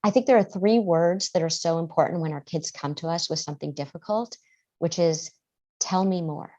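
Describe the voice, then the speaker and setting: A woman's voice: fairly low pitch, moderate pace, a little mellow, highs cut off. A woman guest therapist giving earnest podcast interview answers, often acting out how parents and children talk.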